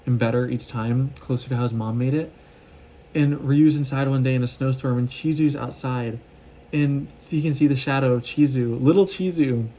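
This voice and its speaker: A man talking fast in a casual, excited recap vlog, rambling with lots of fillers and restarts, recorded on a phone. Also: mid-range voice, slight background noise. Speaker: vlogger recapping a show.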